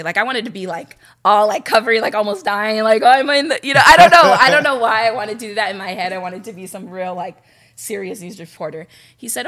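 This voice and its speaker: A bright, forward-sounding young woman from Los Angeles, talking fast and loose in a casual chat. Her storytelling is animated and chatty, and she peppers every sentence with "like" as she slips in and out of quoted dialogue. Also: medium pitch, vocal fry. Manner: animated, chatty, heavy use of "like". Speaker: radio personality, guest.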